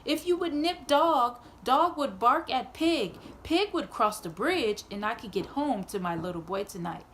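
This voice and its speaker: A woman's voice: high voice, lively intonation, a little slow, a little hiss or hum. A woman voicing a worried old woman in a read-aloud storybook, pleading in a sing-song lament. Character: worried old woman trying to get home.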